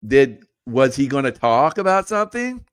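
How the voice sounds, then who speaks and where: A man's voice: medium pitch, big pitch swings, normal speed, clean tone, no room sound. A middle-aged man telling a casual, rambling story with a conspiratorial edge and frequent laughs. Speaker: podcast host.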